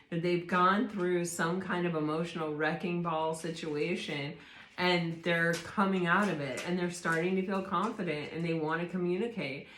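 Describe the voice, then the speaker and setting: Woman, tarot reader, slightly low voice, loose reflective delivery, room echo. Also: fairly bright tone. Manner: rambling, reflective, restarts sentences often. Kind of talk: casual spoken tarot reading. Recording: roomy echo.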